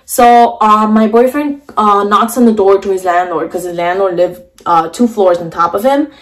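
A young woman vlogger telling a storytime tale in a chatty, animated way, full of fillers and asides. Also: mid-range voice, normal speed, low-quality recording. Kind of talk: storytime vlog.

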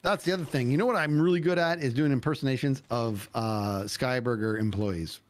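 A man's voice: mid-range voice, a little fast. A man in his forties playing a game with a friend, silly and playful, full of singsong sound effects. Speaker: guest co-player. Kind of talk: casual gaming chat.

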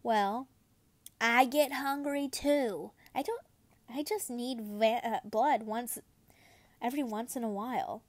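A woman's voice: fairly high pitch, takes it slowly, no room sound. A young woman reading fanfiction aloud, casual and giggly, often tripping over words. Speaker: fanfiction reader.

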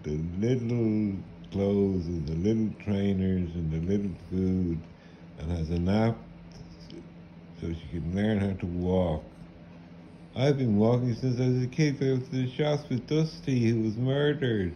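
A man's voice: fairly low pitch, measured pace. Middle aged irish guy ranting and cursing, lots of swearing, kinda dull lo-fi recording. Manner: bitter, profane, repetitive cursing. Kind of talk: angry rambling rant. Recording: dull lo-fi with faint hiss.

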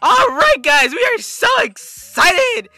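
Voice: big pitch swings, takes it slowly, dry recording, heavily acted. A gamer doing a shrieking hyped-up YouTuber. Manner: shrill, exaggerated, with cracking shouts. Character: hyper-excited young gamer YouTuber, screaming over everything. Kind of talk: gameplay commentary.

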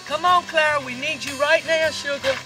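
A woman's voice: sits high, fairly even intonation, normal speed. A woman in her seventies with a Southern US accent, coaching children at tennis on an outdoor court with genteel endearments. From Eastern North Carolina. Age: 70s. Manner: genteel, sprinkles endearments like sugar and darling. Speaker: manners camp teacher. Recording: distant voice under loud music.

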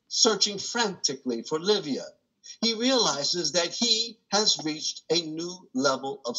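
Man narrating stage directions, slow, bright, husky. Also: high-pitched, rough recording. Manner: slow, careful reading.

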